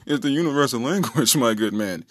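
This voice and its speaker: A man's voice: medium pitch, lively intonation, brisk, fairly bright tone, dry recording, studio quality. A man putting on the voice of a pompous, posh rich man who talks haughtily. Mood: haughty.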